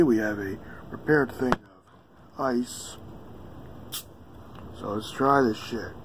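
A man's voice: lowish voice, noisy background. A man vlogging in casual chat, offhand and drowsy, who swears freely.

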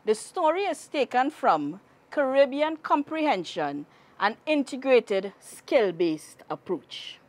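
Slow, expressive woman reading aloud. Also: sits high. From Trinidad and Tobago. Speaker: guest reader. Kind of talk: reading a children's story aloud.

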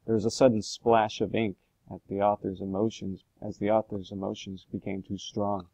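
A man reading a classic novel aloud as a steady storybook narrator. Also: on the low side, normal speed, no room sound, muffled recording. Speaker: audiobook reader.

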